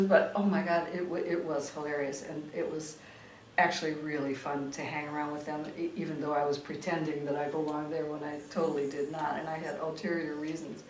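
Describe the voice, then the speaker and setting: With a low, darkish voice, this woman speaks a little fast and with flat delivery. A onetime tabloid reporter turned author, she gives a dramatic reading of her memoir and then talks chattily in an interview, restarting often, recorded from afar in a roomy room with faint noise.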